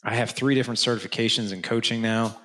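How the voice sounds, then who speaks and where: This man talks fast in a mid-range voice. A podcast guest who founded a fathers' organization, he tells his story conversationally and animatedly, acting out quoted dialogue with frequent restarts and "like" fillers.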